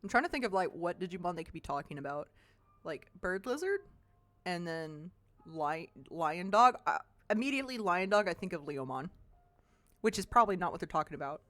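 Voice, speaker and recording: A woman's voice: on the low side, lively intonation, brisk, a bit bright. A woman streamer chatting casually over gameplay, thinking aloud and swearing freely.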